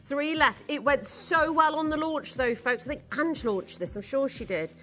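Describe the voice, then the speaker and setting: A woman's voice: high-pitched, moderate pace, fairly bright tone, soft background music. A woman presenting on a live shopping channel, chatty, giggly and enthusiastic as she sells jewellery.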